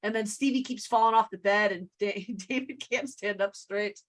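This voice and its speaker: A woman co-hosting a podcast in casual chat, chatty and quick to laugh. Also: mid-range voice. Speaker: podcast co-host. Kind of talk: casual chat about a TV comedy.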